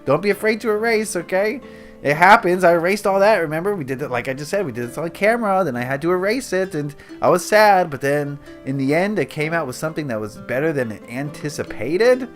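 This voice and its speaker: A man's voice: fairly high pitch, animated, fairly quick, faint music behind. A man hosting his gaming channel, chatting casually and rambling to himself while he builds.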